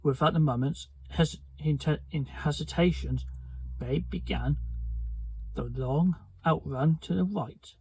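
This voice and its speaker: A man reading a children's book aloud, slowly and carefully, stumbling over words now and then. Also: on the high side, darkish tone, slight background noise, poor audio. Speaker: storybook reader.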